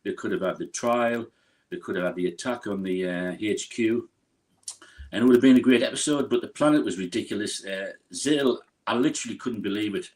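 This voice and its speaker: A man's voice: on the low side, a little fast, darkish tone. A man on a podcast panel giving blunt, opinionated views in casual chat.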